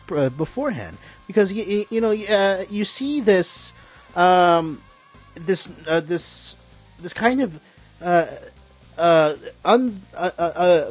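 A man in casual talk, recapping a show in a rambling, excitable way with lots of fillers and swearing. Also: a little high, breathy edge. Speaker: podcast host.

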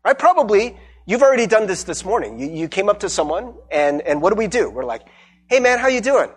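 Male pastor, casual sermon delivery, acts out dialogue; husky voice, very expressive. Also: high-pitched, fast. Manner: animated, acts out everyday dialogue with repeated "right?". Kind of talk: conversational sermon.

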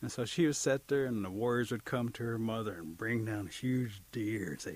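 A man telling a folk tale in a relaxed way, acting out the characters' lines as he goes. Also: lowish voice, fairly quick, hardly any pauses. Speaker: storyteller. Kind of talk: oral folk storytelling.

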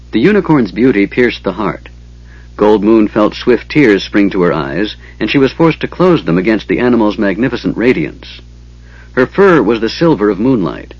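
A man narrating a fantasy audiobook in a measured, expressive way, on a dull, dry recording. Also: fairly low pitch, husky, no echo.

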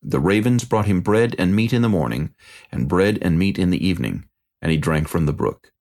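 A man with a low voice that has a gravelly edge narrates scripture in a deliberate, measured way. His pitch rises and falls a lot as he reads. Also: animated, darkish tone.

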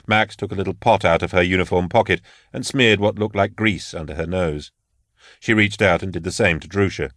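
A man narrating an audiobook in a measured, steady way. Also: deep voice, no echo, studio quality. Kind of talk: scripted narration.

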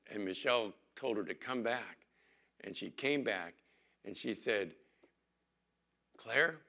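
An older man, a pastor, preaching an earnest sermon and slowing down to read scripture aloud. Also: on the low side, fairly bright tone.

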